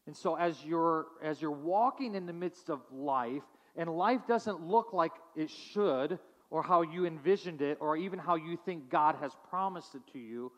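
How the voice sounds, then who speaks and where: A fairly high-voiced man preaching a sermon in a church sanctuary. He reads scripture, then explains it in a loose, conversational way with restarts and fillers. His voice rings with the long reverb of a big hall. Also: a little slow, hardly any pauses. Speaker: pastor.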